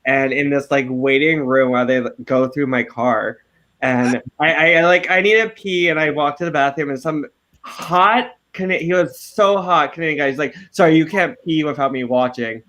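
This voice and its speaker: A man in his late twenties, co-hosting a podcast and telling stories in animated, profane casual chat. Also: fairly high pitch, normal speed, rough recording. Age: late 20s. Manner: animated, profane, laughing storyteller. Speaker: podcast co-host.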